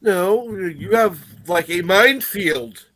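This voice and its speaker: A man's voice: high-pitched, lively intonation, slow, over a noisy crowd. Man with dry jokes in casual chat. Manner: dry joking, greets the chat. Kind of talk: casual live-stream chat.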